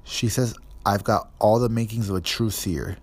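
A man's voice: lowish voice, fairly even intonation, moderate pace, husky, voice pushed up. A man voicing a proud, boastful teenage girl in a storybook reading.

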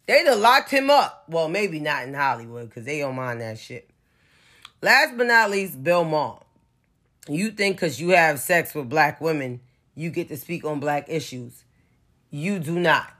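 A woman's voice: low-pitched, a bit bright. A woman giving casual pop-culture commentary in a blunt, profane, opinionated way, with sarcastic asides.

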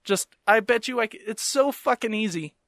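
High-voiced man ranting profanely. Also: moderate pace, dry recording, clean studio sound. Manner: profane, exasperated, animated storytelling. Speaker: podcast host, comedian. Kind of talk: casual comedic rant.

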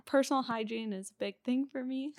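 A woman's voice: sits high, fairly quick, darkish tone, dry recording. A young woman co-hosting a casual couple podcast, laid-back and teasing, saying "like" a lot. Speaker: podcast co-host.

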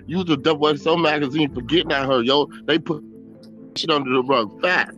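A man in a casual podcast chat, talking bluntly and backing up the host with quick remarks. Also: on the high side, a bit bright, dull audio, faint music behind.

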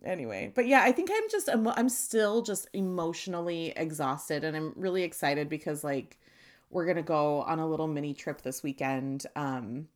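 A woman co-hosting a podcast in casual chat, her voice raspy and hoarse from smoking, animated and laughing often. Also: normal speed. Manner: animated, laughs often, acts out quotes in a high voice. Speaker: podcast co-host.

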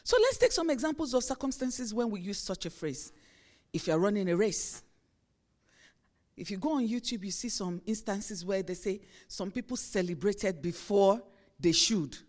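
A woman's voice: mid-range voice, animated, normal speed, a little mellow. Woman pastor preaching conversationally. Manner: conversational preaching with acted-out everyday examples. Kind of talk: sermon.

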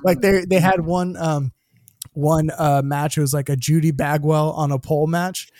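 A man co-hosting a casual podcast, telling animated stories, laughing often and swearing casually. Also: on the high side, normal speed, dry recording, studio quality. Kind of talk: casual chat.

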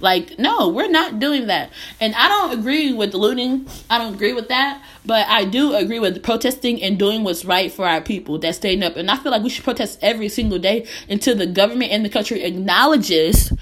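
A young woman from the United States talks straight into her podcast mic. She is earnest and emphatic, and her pitch sits in a mid range. She circles back on key phrases and presses them hard. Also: animated, brisk, hardly any pauses, a bit bright. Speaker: podcast host. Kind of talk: impassioned personal commentary.

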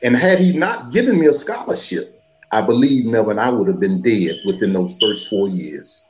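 A man from South Florida, a former college football player, speaking slowly and earnestly as a guest on a call-in chat. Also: lowish voice, expressive, a little mellow, dull audio, faint music behind. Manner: slow, earnest and heartfelt. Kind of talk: casual chat on a phone call.

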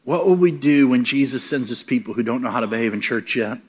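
A man preaching at a mid pitch who tells his story in a lively way. He slips into character voices for the people in his story. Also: fast talker, husky. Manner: animated, acts out the voices in his stories. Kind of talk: sermon storytelling.

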